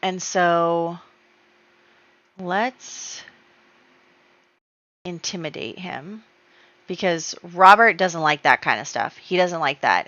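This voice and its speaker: A woman's voice: on the low side, slow pace, long pauses, bright, forceful tone, no echo. Chatty woman narrating a game story. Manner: chatty, storytelling, many fillers. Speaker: gameplay YouTuber. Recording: dull lo-fi dry sound.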